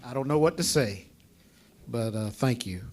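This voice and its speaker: A man's voice: mid-range voice, expressive, moderate pace, a little mellow, a little hiss or hum. A man, a state community relations official, makes brief, hesitant remarks with fillers in a forum hall.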